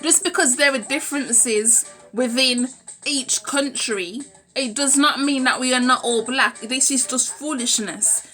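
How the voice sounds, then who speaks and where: Woman vlogger, blunt and outspoken, highish bright voice, faint music underneath. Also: a little slow. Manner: frank, forthright, blunt. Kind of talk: opinionated talking-to-camera monologue.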